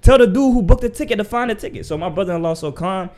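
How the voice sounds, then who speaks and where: A young man from Mali telling a story in casual chat, animated and profane, acting out what people said. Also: sits high, quick pace.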